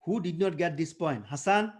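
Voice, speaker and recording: A man's slightly high voice leads a debate workshop held online by video call. He calls on students by name to coach and question them, frequently pausing and filling gaps with hesitations as he searches for words.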